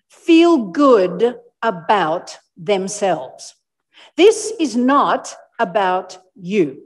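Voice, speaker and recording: An Australian woman giving a lively motivational talk to a live audience, playfully acting out people's inner voices. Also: medium pitch. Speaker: motivational speaker. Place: large hall with live audience. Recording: echoey hall with long reverb.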